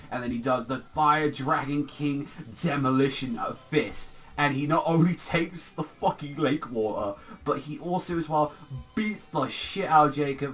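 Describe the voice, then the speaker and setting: A man's voice: medium pitch, a bit bright, recorded from a distance. A man giving a casual, rambling manga chapter review, swearing a lot and using "like" constantly. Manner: rambling and profane, heavy filler "like".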